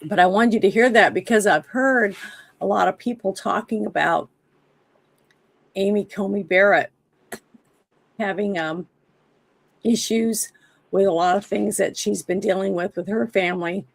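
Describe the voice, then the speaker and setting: A woman hosting a livestream, giving casual political commentary in a halting way with many fillers, her throat dry and scratchy. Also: medium pitch, creaky. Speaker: livestream host.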